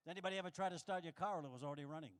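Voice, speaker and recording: Male stand-up from New York, high voice, brash self-deprecating club comic. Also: rapid-fire, clear, resonant tone. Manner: brash, self-mocking punchline delivery. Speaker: stand-up comedian. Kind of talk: stand-up comedy set. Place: live comedy showroom with audience.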